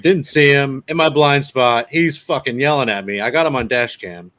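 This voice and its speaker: A man with a middle-pitched voice, chatting as a podcast guest. He talks bluntly and swears freely. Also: normal speed, a bit bright. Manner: blunt, profane, plainspoken. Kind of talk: casual storytelling chat.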